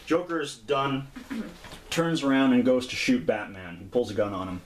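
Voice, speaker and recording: A man's voice: mid-range voice, a little slow. Casual man retelling a comic, roomy. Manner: animated retelling, acts out character lines. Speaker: comic review co-host. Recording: roomy, distant mic with faint noise.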